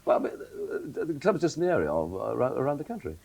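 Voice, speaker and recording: A man's voice: mid-range voice, very animated, quick pace, creaky, a loud crowd. A man, presenting a 1980 television chat show and teasing his guest in a jovial way. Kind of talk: studio chat show interview. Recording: 1980 television studio recording.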